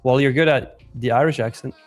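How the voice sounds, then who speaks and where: A man's voice: medium pitch, brisk. A man co-hosting a live trading stream, chatting casually and joking around with mock accents. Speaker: trading show co-host. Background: faint music.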